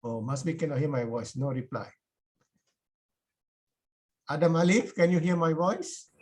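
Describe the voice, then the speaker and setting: A male university lecturer with a Malaysian English accent, teaching a class online over a video call. His voice sits somewhat high for a man. He talks in plain, informal English and keeps adding a questioning "eh?" to his sentences. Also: unhurried, darkish tone. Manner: repeated checks with a tag "eh?", plain informal phrasing.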